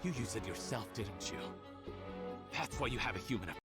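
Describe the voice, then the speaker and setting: An actor voicing an accusing male game character with a husky voice. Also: on the low side, lively intonation, normal speed, a bit bright, heavily acted. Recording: game trailer audio with music.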